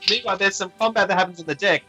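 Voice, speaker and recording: A man's voice: high voice, racing, bright, forceful tone, slightly rough, faint music behind, rough recording. A man narrating as game master of a tabletop game, playful and laughing often.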